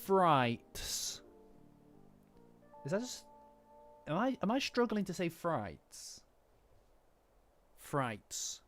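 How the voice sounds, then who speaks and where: Reacting to a manga chapter with his chat, a Nottingham streamer with a local Nottingham English accent talks slowly in a high voice with huge pitch swings and frequent pauses. He's casual, rambling, easily distracted and self-deprecating, and faint lofi music plays in the background.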